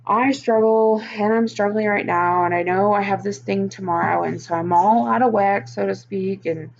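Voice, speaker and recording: A woman's voice: mid-range voice, steady tone, moderate pace, creaky, darkish tone, muffled recording. A woman talking frankly on her personal vlog, venting about her week and swearing often. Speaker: vlogger.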